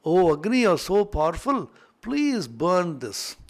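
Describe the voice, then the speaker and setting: A man voicing a calm, mocking male forest spirit who quietly teases proud gods. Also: high voice, a little slow, exaggerated voice. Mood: gently mocking. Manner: soft, teasing, patronizing.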